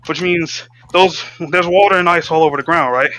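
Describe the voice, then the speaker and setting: A man playing a tabletop role-playing game in casual chat, excitable and swearing freely, slipping into his character's lines. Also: on the high side, moderate pace, rough recording. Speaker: player.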